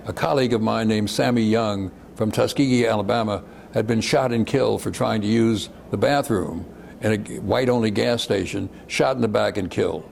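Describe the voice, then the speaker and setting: A man's voice: on the low side, normal speed, gravelly, a little mellow, a little hiss or hum. An older man reminiscing as a guest speaker, telling stories over slides and often repeating words for emphasis.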